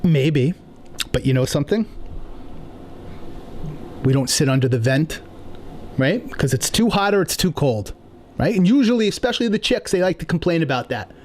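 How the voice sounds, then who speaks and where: A man from New York telling comic stories in an indignant, animated rant on a podcast. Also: a little high, moderate pace, long pauses, a little hiss or hum. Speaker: comedian podcast host.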